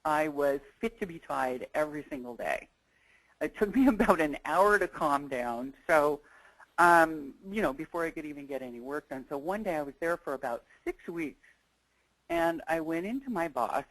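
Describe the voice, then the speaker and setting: A low-voiced woman presents a webinar on negotiation skills, speaking in a conversational, earnest way, thinking aloud and weaving in personal stories. The recording is low quality, with no echo.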